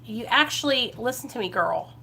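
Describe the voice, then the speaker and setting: A woman's voice: on the high side, expressive, moderate pace, gravelly, pushed and bright, slight background noise. A woman from Ohio talking on a live recovery vlog, earnest and encouraging, speaking straight to her viewers and greeting them by name. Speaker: recovery vlogger. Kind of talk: casual live-stream chat.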